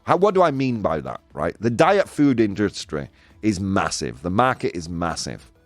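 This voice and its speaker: A man's voice: fairly low pitch, moderate pace, dry recording, faint music behind. A man with a Yorkshire accent co-hosting a podcast in casual chat, joking and rambling as he talks. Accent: Yorkshire English. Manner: animated, jokey, rambling with restarts. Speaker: podcast co-host.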